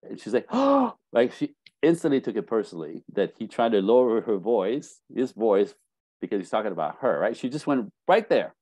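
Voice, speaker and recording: Animated male relationship coach, low mellow voice. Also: brisk, no echo, rough recording. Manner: animated storyteller acting out quotes. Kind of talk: casual advice interview.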